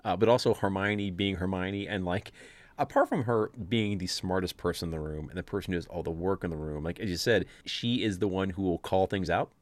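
A man hosting a casual podcast chat, telling stories with animated enthusiasm and handing turns to his co-hosts. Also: sits low, fairly quick, no echo. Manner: animated storyteller, acts out scenes. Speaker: podcast host.

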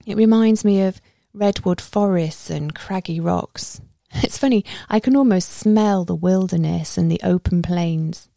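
Low, gravelly-voiced woman narrating a story. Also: no echo, clean studio sound. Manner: steady, measured storytelling. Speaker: audiobook narrator. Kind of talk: first-person story narration.

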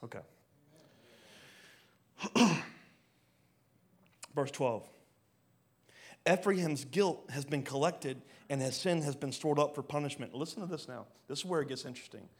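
A pastor preaching a sermon, swinging between loud rising bursts and quiet low drops. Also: male voice, measured pace, pauses often. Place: church hall.

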